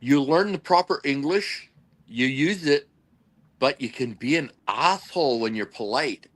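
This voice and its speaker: A man's voice: mid-range voice, expressive, measured pace, fairly bright tone. A man co-hosting a casual beer podcast, blunt and wry, swearing now and then. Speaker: podcast co-host. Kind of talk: casual chat.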